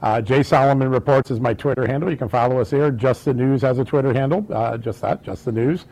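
A man's voice: medium pitch, steady tone, fast talker, mellow, rough recording. A man appearing as a guest on a talk show, talking in an easygoing way with frequent fillers. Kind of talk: casual interview plug.

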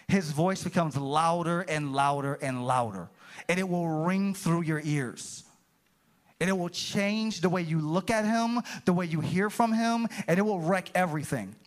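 A pastor preaching a sermon to his congregation, animated and calling out for response. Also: high-pitched. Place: church sanctuary.

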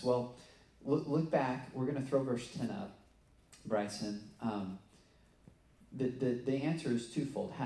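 A man's voice: mid-range voice, mellow. A man preaching a sermon in a loose, conversational way, telling stories with fillers and restarts. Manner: conversational, storytelling with self-corrections and fillers. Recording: echoey room, mic at a distance.

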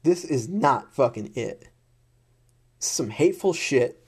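Slow, blunt, swearing man ranting. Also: mid-range voice, lively intonation, a little mellow, breathy edge. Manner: blunt, heavy swearing, repetitive; frustrated and exasperated. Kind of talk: unscripted political rant.

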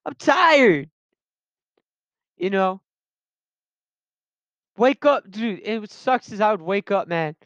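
Young man, high and smooth voice, dry lo-fi recording, rambling casual storytelling. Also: lively intonation, slow pace, long pauses, fairly bright tone, no echo. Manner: rambling, self-interrupting, slangy. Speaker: vlogger telling personal stories. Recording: dull lo-fi sound.

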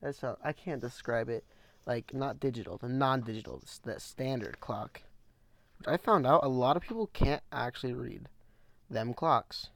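Young male podcast host, rambling slangy chat, gravelly, dry room. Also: medium pitch, lively intonation, normal speed, a bit bright, no room sound. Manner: rambling, casual slang, says bro. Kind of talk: casual solo podcast chat. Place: small room at home.

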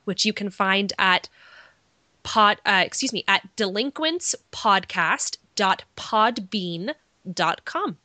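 A woman with a bright, sharp voice co-hosts a casual podcast chat while stuffed up from a cold. She answers quickly and easily, and the sound is dry and close. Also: mid-range voice, no echo. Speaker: podcast co-host.

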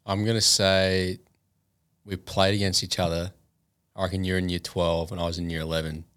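A young man as a podcast guest, answering in a laid-back, measured way. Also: sits low, flat delivery, a bit bright, no echo. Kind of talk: casual chat.

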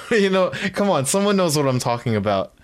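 A man hosting a casual chat, playful and teasing, his voice jumping up when he gets excited. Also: normal speed, clear, resonant tone. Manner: playful, teasing, jumpy pitch. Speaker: show host.

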